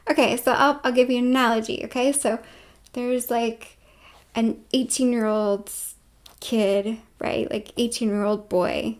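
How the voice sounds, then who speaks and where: A woman with a high voice talks straight to the camera in a loose, rambling monologue. She fills her talk with fillers and swings between loud stretches and hushed ones. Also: fairly even intonation, measured pace. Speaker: vlogger.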